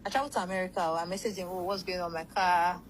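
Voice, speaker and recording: A woman's voice: fairly low pitch, fairly even intonation, racing, slight background noise. A young adult woman tells a long personal story in a loose, rambling way, with many fillers. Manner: rambling, repeats "like" and "blah, blah". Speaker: interviewee. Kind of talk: casual storytelling.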